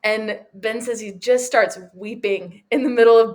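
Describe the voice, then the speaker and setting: A woman's voice: fairly high pitch, fairly even intonation, moderate pace. A woman leads a Bible study in a conversational, storytelling way. She acts out the people she quotes and laughs along as she goes.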